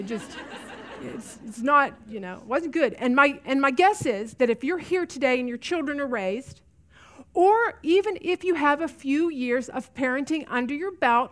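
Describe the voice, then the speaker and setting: Earnest woman teaching a women's Bible study. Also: sits high. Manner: earnest, repeats key lines for emphasis. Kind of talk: teaching talk to a women's group.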